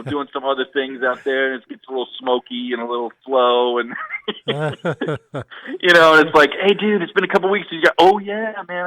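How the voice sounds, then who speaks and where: Rambling bright-voiced male musician. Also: mid-range voice, no room sound, rough recording. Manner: rambling stream-of-consciousness storytelling. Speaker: musician guest. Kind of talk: radio interview.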